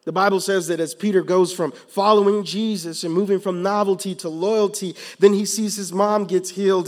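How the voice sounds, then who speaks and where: A man preaching a sermon, moving from calm teaching to loud, emphatic passages, with casual slang in his storytelling. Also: sits high. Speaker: pastor.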